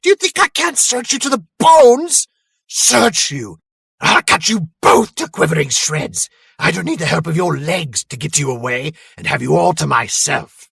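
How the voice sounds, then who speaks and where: Hissing orc villain, gravelly, husky, swooping wildly in pitch, dry sound. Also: male voice, sing-song, unhurried, fairly bright tone, dry recording, exaggerated voice. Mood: raging. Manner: silky threats that flare into snarling. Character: sinister male orc, menacing and hissing. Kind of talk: dramatic reading.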